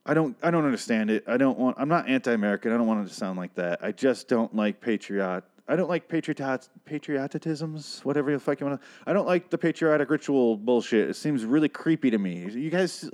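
A man from Michigan hosts a podcast in a loose, rambling monologue. He talks with a sarcastic, profane edge at an ordinary, middle pitch, the way he would talk to friends. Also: lively intonation, a little fast, hardly any pauses, a little mellow. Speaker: podcast host. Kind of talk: casual comedic monologue.

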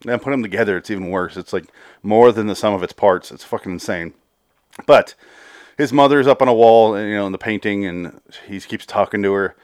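A podcast host recaps a TV episode in a rambling, casual way, swearing freely, laughing, and quoting characters in quick bursts. His voice is fairly low and smooth. The sound is clean studio audio with no room sound.

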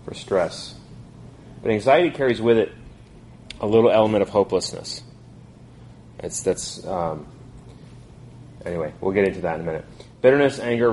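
Low-voiced man leading a Bible study. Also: a little mellow, slight background noise. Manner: conversational, with frequent fillers and restarts. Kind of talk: casual group teaching.

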